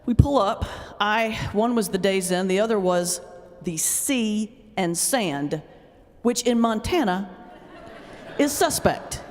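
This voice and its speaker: A woman's voice: medium pitch, slow pace, pauses often. Laughing woman pastor in a reverberant hall. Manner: lively, laughs often while telling stories. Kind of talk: humorous lecture with storytelling. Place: lecture hall.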